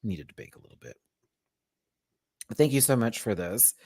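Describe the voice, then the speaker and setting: A man's voice: medium pitch, very animated, normal speed, pauses often, a little mellow, no room sound, clean studio sound. A young man hosting a casual livestream, reading out viewer messages with affectionate pet names and laughing often. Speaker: drag race review host.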